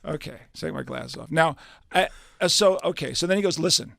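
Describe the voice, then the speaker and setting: Gravelly older New man telling stories. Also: a little high, brisk, no echo, studio quality. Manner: animated storyteller acting out quoted dialogue. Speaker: guest musician. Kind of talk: storytelling in a radio interview. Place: radio studio.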